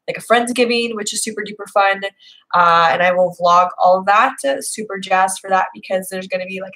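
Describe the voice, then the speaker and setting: A woman's voice: medium pitch, bright, forceful tone, poor audio. A young woman hosting a live video Q&A from home, chatting casually and rambling with lots of fillers. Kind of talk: casual live-stream chat. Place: indoors at home, Seattle.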